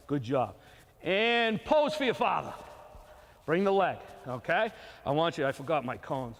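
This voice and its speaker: A man's voice: a little high, sing-song, normal speed, fairly bright tone. An older man coaching young kids through a throwing drill, giving short, encouraging repeated commands. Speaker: youth baseball coach. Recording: long reverb from a hall.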